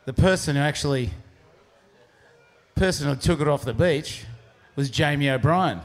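Aussie guy telling a long surf story, kinda high voice, lots of restarts. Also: normal speed. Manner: rambling, restarts often, laughs through punchlines. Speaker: pro surfer telling a story. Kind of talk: casual storytelling.

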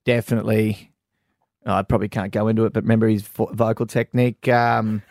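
A man's voice: on the low side, flat delivery, brisk, gravelly, darkish tone, no echo, clean studio sound. An Australian man, a musician guest, telling rambling stories and laughing often. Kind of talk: casual storytelling interview. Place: radio studio.

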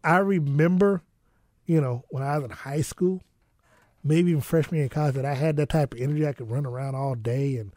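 A man co-hosting sports talk radio from a studio, his voice mellow and dark. He talks in a laid-back, rambling way, full of "you know"s. The studio sound is close and dry. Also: fairly high pitch, dry recording.

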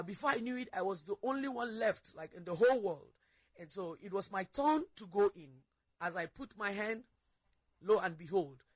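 A woman recounts her faith testimony in an earnest, halting way. Her voice sits at an ordinary pitch, and she circles back over phrases and restarts her sentences as she goes. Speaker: guest sharing a testimony. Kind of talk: personal faith testimony, told as a story.

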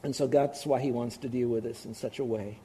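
A man preaching a radio sermon as a Bible teacher, animated, acting out voices to make his points. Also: mid-range voice, brisk, slight background noise.

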